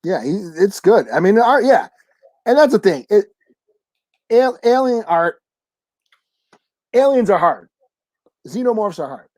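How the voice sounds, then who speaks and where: Halting podcast co-host, dry sound. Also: mid-range voice, sing-song, darkish tone, dry recording. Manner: halting, restarts, casual swearing. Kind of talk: casual comic book review chat.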